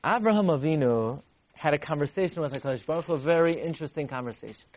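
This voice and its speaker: A man giving a Torah class, animated and repeating lines for emphasis. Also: fast talker. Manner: animated, repeats for emphasis, rises high to act out voices. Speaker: Torah teacher.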